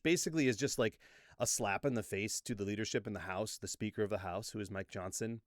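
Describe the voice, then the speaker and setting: A man's voice: lowish voice, quick pace, dry recording, studio quality. A man hosting a casual political commentary vlog from a home green-screen setup, goofy and rambling, joking at his own expense. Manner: goofy, rambling, self-deprecating.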